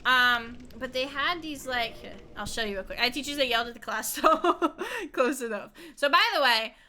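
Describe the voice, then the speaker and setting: A woman's voice: a little high, brisk, pushed and bright, slight background noise, poor audio. A young woman streaming a video game, chatting casually, laughing often, swearing freely and joking about herself. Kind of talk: casual gameplay commentary.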